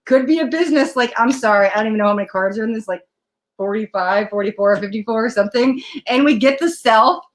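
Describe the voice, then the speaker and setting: A woman with a slightly high voice runs a live tarot reading, chatting casually with viewers as she pulls cards. She gets excitable and gushing, laughing easily, and her voice comes through a laptop's built-in mic. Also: fast talker. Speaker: tarot reader.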